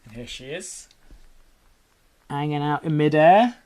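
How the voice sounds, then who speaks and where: A woman reading a children's book aloud in an animated, dramatic way. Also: sits low, a little slow. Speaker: storyteller.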